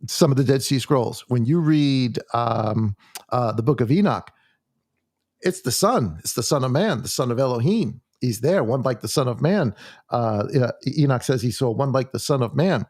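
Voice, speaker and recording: A man's voice: medium pitch, lively intonation, a little mellow, dry recording. Guy teaching a church bible study, lots of restarts, dry close sound. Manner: halting, full of restarts and fillers, reads scripture aloud.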